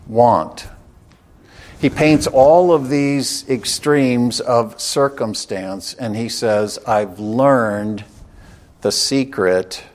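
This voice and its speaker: A man preaching a sermon in a measured, emphatic way, slowing down to stress key phrases. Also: medium pitch, a little mellow.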